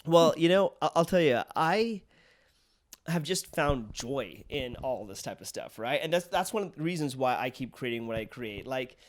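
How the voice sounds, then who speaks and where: A young adult man, a podcast host and actor, talking in an upbeat, agreeable way with frequent yeahs. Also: mid-range voice. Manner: upbeat and agreeable, lots of "yeah". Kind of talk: casual interview chat.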